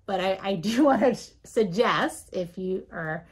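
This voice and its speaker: A woman, a physician guest on an interview show, telling a story with lively delivery and laughing often. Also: medium pitch, unhurried, slightly rough. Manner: lively, acts out voices in her anecdotes, laughs often.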